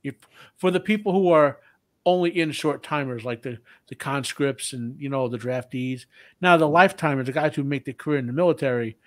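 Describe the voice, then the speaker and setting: A man in casual discussion, talking in a rambling, halting way with lots of filler words. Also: mid-range voice, no echo. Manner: rambling and halting, with frequent "you know" and "like". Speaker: co-host.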